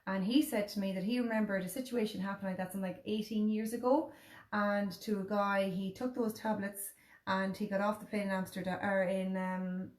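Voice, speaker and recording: A woman's voice: medium pitch, fairly even intonation, normal speed, echoey room. A woman in her thirties with an Irish accent, chatting casually and telling a personal story, acting out what others said. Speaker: host. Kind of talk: casual chat.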